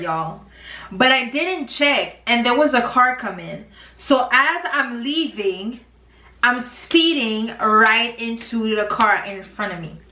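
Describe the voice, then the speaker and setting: A woman's voice: on the high side, bright, forceful tone. A woman in her twenties telling a dramatic storytime in a chatty, slangy way while doing her makeup. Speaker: beauty vlogger. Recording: roomy, distant from mic.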